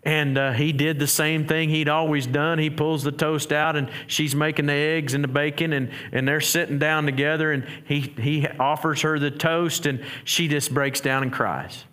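Male pastor, middle-aged, conversational preaching style with many restarts, voice on the higher side. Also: fairly even intonation, moderate pace, few pauses, a bit bright, smooth. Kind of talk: sermon.

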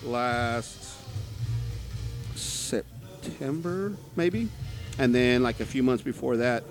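A man's voice: medium pitch, lively intonation, slow. A man from Texas talks as a podcast guest in a bar. He rambles loosely, full of fillers, restarts and casual swearing. Faint music plays behind him. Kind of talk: casual chat.

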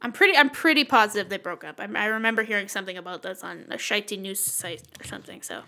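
A woman's voice: medium pitch, quick pace, pushed and bright. A woman co-hosting a podcast in casual comedic chat, self-deprecating and laughing often, close to the microphone. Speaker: podcast co-host.

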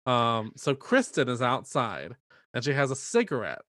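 Animated man recapping a movie. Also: medium pitch, no room sound, clean studio sound. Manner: animated, mimics characters in quick bursts. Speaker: podcast co-host. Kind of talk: casual movie recap chat.

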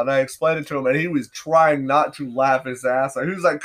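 A man's voice: on the high side, a little fast. A young man hosting a casual chat, telling stories with lots of swearing and acted-out quotes. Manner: animated, swearing, acts out quotes. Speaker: podcast host.

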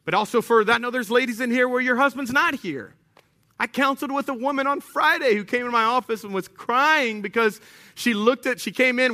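Male pastor in his thirties, high and bright voice, animated preaching with bursts of shouting. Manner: animated preaching, rising to shouts, with acted asides. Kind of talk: sermon. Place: church sanctuary.

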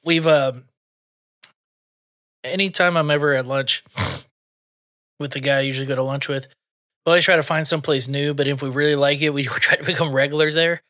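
Bright, swearing podcast guy. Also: on the high side, steady tone, fairly quick, pauses often, no room sound, studio quality. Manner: loose, swearing, laughs often. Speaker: podcast co-host. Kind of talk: casual chat.

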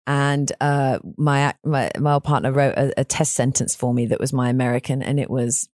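An English woman hosting a podcast, chatting and teasing her guest in a relaxed, laughing way. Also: rumbling low, moderate pace, no echo, clean studio sound. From England. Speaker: podcast host. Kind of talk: casual chat.

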